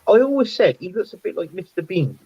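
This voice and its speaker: A man's voice: high voice, big pitch swings, fast, breathy edge, dry recording, lo-fi sound. A man on a football podcast panel, chatting casually and telling anecdotes over a video call. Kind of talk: casual chat.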